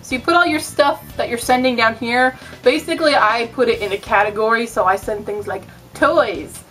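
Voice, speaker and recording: A young American woman vlogs from home in a slightly high, chatty voice. She explains things casually and keeps slipping in sarcastic jokes at her own expense. Soft music plays faintly behind her. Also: moderate pace. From United States. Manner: chatty, self-mocking, sarcastic asides. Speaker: vlogger.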